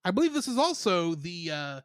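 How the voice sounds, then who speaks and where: A man's voice: sits high, sing-song, brisk, clear, resonant tone, no echo, clean studio sound. A man co-hosting a casual podcast, reeling off cast trivia in a chatty way and laughing often. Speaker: podcast co-host.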